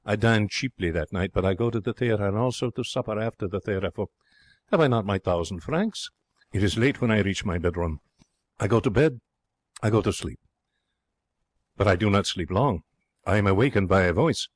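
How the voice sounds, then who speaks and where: A man voicing an excitable young Frenchman. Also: on the low side, normal speed, long pauses, no room sound. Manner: theatrical, broken English phrasing. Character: excitable young Frenchman, romantic would-be artist. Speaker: audiobook narrator. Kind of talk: audiobook reading.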